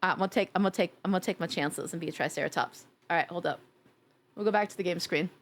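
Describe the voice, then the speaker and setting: A woman streaming live in a casual, playful chat, teasing her viewers and laughing loudly. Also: quick pace. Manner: drops to a low sultry tease at times.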